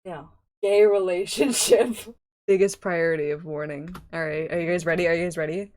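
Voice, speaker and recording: A young woman giving excitable reaction commentary as a YouTuber, giddy and rambling, often squealing and laughing. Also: fairly low pitch, moderate pace. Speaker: YouTuber reacting to fan videos.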